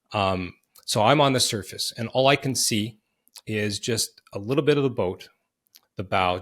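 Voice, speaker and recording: A middle-aged man hosting a podcast, earnestly telling a personal story in vivid detail with quick restarts. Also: fairly low pitch, a bit bright. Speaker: podcast host.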